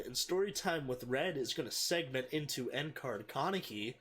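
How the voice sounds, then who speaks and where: A young man hosting a podcast, telling a rowdy story in casual chat, heavy on swearing and loud acted-out quotes. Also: on the high side, moderate pace, a little hiss or hum. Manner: profane, animated, shouts in quoted voices.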